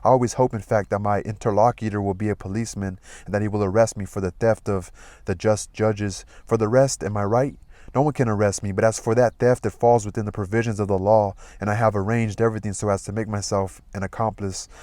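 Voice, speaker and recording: A man reading a novel aloud in a measured, expressive way. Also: lowish voice, no echo. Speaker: audiobook reader.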